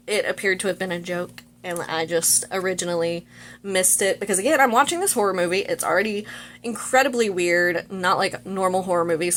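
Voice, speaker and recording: A woman's voice: mid-range voice, fairly bright tone. Woman vlogger, mid-range voice, easygoing recap delivery with lots of fillers, faint background hum. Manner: chatty, filler-heavy with "like" and "you know". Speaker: vlogger reviewing a movie. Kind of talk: casual plot recap while getting ready.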